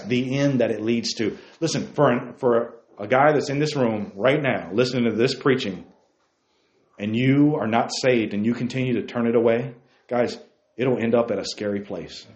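A man preaching a sermon to a room of young men, emphatic, repeating key phrases and calling listeners by name. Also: mid-range voice. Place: church room with a group. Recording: roomy, dull lo-fi recording with faint noise.

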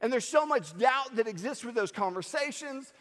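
A man preaching a sermon, telling stories in an animated way and acting out the lines he quotes. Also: very high-pitched, moderate pace. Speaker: pastor. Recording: long hall reverb.

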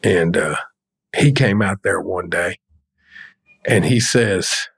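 Gravelly man telling stories. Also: low voice, slow pace. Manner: colloquial, animated storyteller acting out quotes. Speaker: podcast guest, stonemason. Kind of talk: casual storytelling in an interview.

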